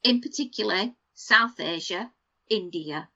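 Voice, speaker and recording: A woman's voice: mid-range voice, a little slow, creaky, bright, forceful tone, dull audio. A middle-aged woman co-hosting a podcast, chatting casually and savouring vivid details as she lists them. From United Kingdom. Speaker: podcast co-host. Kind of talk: casual chat.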